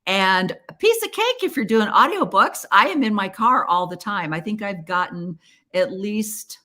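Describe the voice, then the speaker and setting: A woman's voice: medium pitch, expressive, moderate pace, pushed and bright. A woman hosting a podcast, talking in an earnest, chatty and encouraging way. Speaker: podcast host. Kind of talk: casual solo podcast talk.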